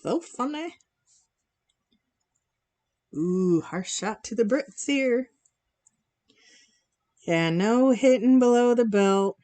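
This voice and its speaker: Slow-talking woman hosting a live stream. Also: fairly high pitch, warm tone. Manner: chatty, giggly, reacts to chat comments. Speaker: charity livestream host. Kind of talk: casual chat with chat readers.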